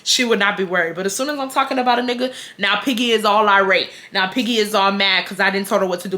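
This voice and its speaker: Bright-voiced young woman ranting a storytime. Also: a little high. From Houston, Texas. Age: 20s. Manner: profane, heated, rapid storytelling. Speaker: vlogger. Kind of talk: storytime vlog rant. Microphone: phone camera.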